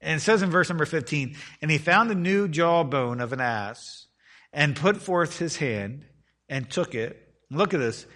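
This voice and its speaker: Preacher, male, bright forceful voice, reads scripture then unpacks it conversationally. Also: a little high, expressive, unhurried. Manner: reads scripture aloud then explains it in casual plain words; acts out the lines of the people in the text. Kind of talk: expository Bible teaching to a group.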